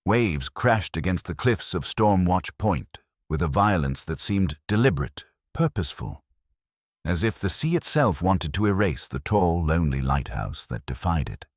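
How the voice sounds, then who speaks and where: Very deep male audiobook narrator. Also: very animated, moderate pace, dry recording, studio quality.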